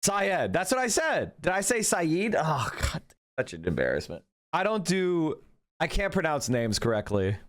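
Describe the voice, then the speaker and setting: A man's voice: on the high side, huge pitch swings, normal speed, a bit bright. A man streaming live, reading out news and reacting with sarcastic commentary, swearing freely. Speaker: political streamer.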